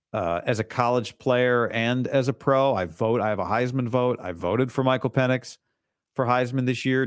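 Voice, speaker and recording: A man's voice: mid-range voice, dry recording, studio quality. A man hosting a sports talk show, reading listener comments and answering them with blunt opinions and sarcastic asides.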